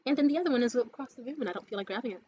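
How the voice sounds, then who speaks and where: A woman with a high voice chats in a casual vlog, telling stories in an animated, foul-mouthed way. She talks from a room indoors. The recording sounds dull and lo-fi. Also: very fast, slight background noise. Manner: profane, animated storytelling. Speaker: vlogger. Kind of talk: casual life-update vlog.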